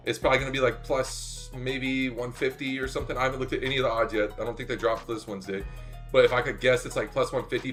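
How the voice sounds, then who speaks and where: A man co-hosting a sports betting talk show, excitable, swearing and shouting as he gets hyped. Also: mid-range voice. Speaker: podcast co-host, betting analyst.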